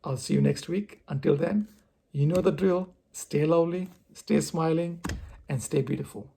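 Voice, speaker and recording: A man telling a personal story on his vlog, expressive and poking fun at himself. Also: on the high side, normal speed, creaky, slight background noise. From India. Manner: expressive, self-mocking storyteller. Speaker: vlogger.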